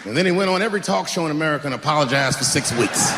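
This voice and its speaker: A middle-aged male comedian telling profane stand-up stories on a live stage, his pitch sitting a little high and swinging widely. His voice carries a long hall reverb, with a faint room ambience underneath. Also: racing, background noise. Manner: animated, profane, acts out quoted voices.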